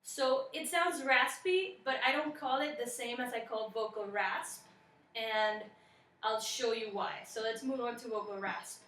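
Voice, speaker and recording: A young woman explaining singing techniques in a brisk, explanatory vocal tutorial. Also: on the high side, fairly bright tone, roomy sound, far from the mic. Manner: brisk and explanatory, demonstrates effects with her voice. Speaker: singing teacher.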